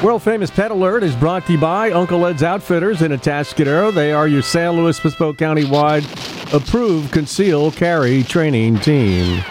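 Rambling, chuckling middle-aged radio host. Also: male voice, a little high, normal speed, over loud music. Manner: rambling, chuckles often, loses his place. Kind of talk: casual morning radio talk. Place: radio studio.

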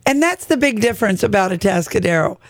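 A man's voice: high-pitched, expressive, quick pace, no room sound. A man hosting a call-in radio show, chatting casually with a guest and callers into a close studio mic. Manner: chatty, conversational.

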